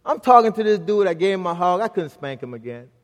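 A middle-aged man preaching a sermon as pastor, telling a family story and swinging from loud to hushed. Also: high voice, big pitch swings, fast talker, big-room sound.

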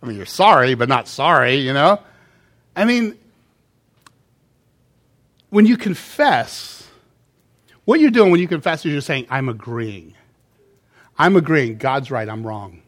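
A man's voice: on the high side, very animated, unhurried, pauses often, fairly bright tone. A man preaching a sermon to a church congregation, in a conversational style that keeps checking in with "okay?" and acts out quotes. He sometimes moves off the microphone. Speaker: pastor.

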